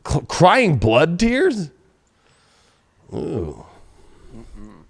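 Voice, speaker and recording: Excitable, profane man with a high voice. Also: moderate pace, gravelly. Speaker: tarot reader host. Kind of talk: casual tarot reading.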